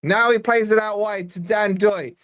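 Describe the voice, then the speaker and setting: A young man from Scotland hosting a live fan watch-along, giving exasperated, chatty play-by-play and reading out viewer shout-outs. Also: high-pitched, steady tone, normal speed, clear, resonant tone. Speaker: fan channel host.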